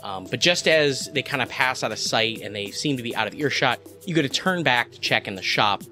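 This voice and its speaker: A man running a tabletop game as game master, his voice at an everyday middle pitch. He narrates loosely, circling through filler words as he describes the scene. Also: lively intonation, fairly quick, sharp tone, soft background music. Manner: rambling, filler-heavy narration.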